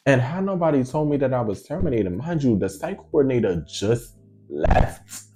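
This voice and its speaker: A man casually telling a story to his viewers in a slangy, animated way, acting out each side of the conversation. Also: mid-range voice, normal speed, faint music behind.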